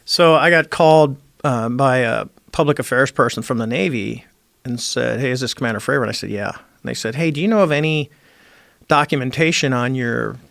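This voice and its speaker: A middle-aged man with a gravelly, mid-pitched voice tells a story as a podcast guest and acts out the quoted lines. He speaks into a close mic in a dry studio. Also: brisk, dry recording. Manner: animated, acts out quoted dialogue. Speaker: podcast guest, former Navy squadron commander. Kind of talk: conversational storytelling.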